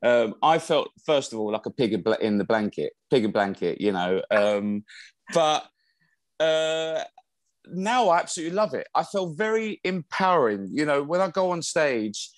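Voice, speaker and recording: A man's voice: on the high side, big pitch swings, normal speed, no room sound. A man, a musical theatre actor, chatting casually as an interview guest, rambling with lots of fillers and restarts.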